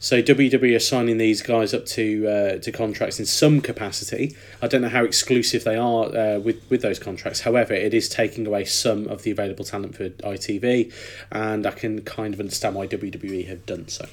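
A man's voice: fairly low pitch, steady tone, fairly quick. A man co-hosting a podcast, chatting with dry, wry banter. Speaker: podcast co-host. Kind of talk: casual chat.

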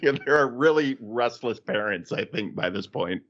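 Man, podcast co-host, wry and joking, mid-pitched, dull lo-fi audio. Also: animated, normal speed, fairly bright tone. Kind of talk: casual chat.

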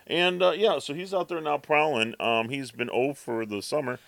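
A man's voice: fairly high pitch, steady tone, normal speed, vocal fry, fairly bright tone, no echo. A man co-hosting a podcast, telling a rambling story in casual chat and acting out his cat's thoughts. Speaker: podcast co-host.

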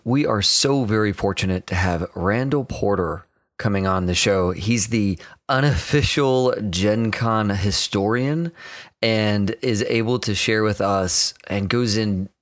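A man hosting a tabletop gaming podcast, chatting casually with his co-host and guest and laughing easily. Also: on the low side.

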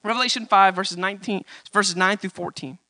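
A man preaching in church, his voice high and bright, repeating key lines and climbing to loud, emphatic peaks. A faint mains hum sits under the recording. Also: steady tone, fairly quick. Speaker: pastor. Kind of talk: sermon.

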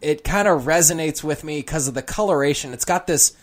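A man co-hosting a casual chat, telling an animated story and slipping into character voices. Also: a little high, fairly quick. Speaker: podcast co-host.

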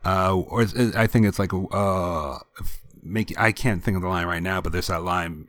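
A man in casual talk about music, halting and searching for his words, with many short agreements. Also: sits low, fairly bright tone, no room sound.

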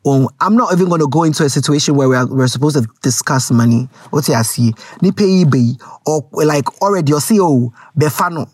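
A woman's voice: low voice, lively intonation, brisk, hardly any pauses, darkish tone, breathy edge, no room sound, clean studio sound. A woman with a Ghanaian accent gives frank, rambling casual commentary to her viewers, slipping Twi words into her English.

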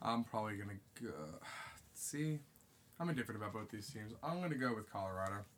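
A man co-hosting a casual sports podcast, joking and swearing in quick banter. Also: on the low side, animated, fairly bright tone. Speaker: podcast co-host. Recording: clear background hiss.

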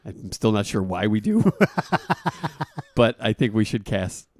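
A man's voice: fairly low pitch, very animated, takes it slowly, no room sound. A man co-hosting a podcast in casual chat, joking and cursing freely. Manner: joking, profane, laughs often. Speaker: podcast co-host.

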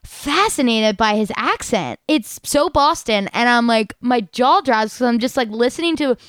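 A woman's voice: on the high side, lively intonation, normal speed, fairly bright tone, clear, resonant tone, dry recording. A woman co-hosting a podcast, chatting with rambling asides. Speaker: podcast co-host. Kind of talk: casual podcast chat.

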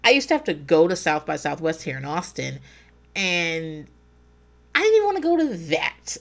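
Animated, swearing woman on a podcast. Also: lowish voice, moderate pace, gravelly. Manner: animated, swearing, laughing often, acting out her inner voice. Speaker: podcast co-host. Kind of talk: casual chat.

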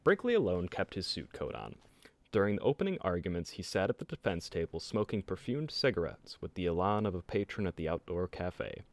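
Lively male podcast host reading history. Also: fairly quick, no room sound. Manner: animated storytelling with lively pitch. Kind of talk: casual podcast chat, reading history aloud.

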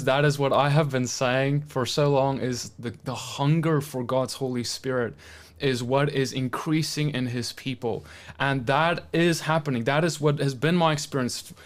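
A man hosting a faith show, commenting earnestly and introducing a guest. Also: fairly high pitch. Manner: earnest, animated, restarting phrases. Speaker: show host. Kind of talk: casual commentary.

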